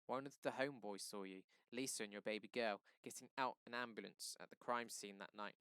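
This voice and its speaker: A man's voice: on the low side, steady tone, brisk, fairly bright tone, smooth, no room sound, clean studio sound, natural voice. A man voicing a blunt, defiant neighborhood man in a read-aloud novel. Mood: indignant.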